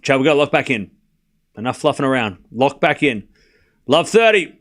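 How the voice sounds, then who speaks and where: A man's voice: mid-range voice, expressive, normal speed, fairly bright tone. A man livestreaming casual tennis play-by-play, calling scores and bantering animatedly with his chat.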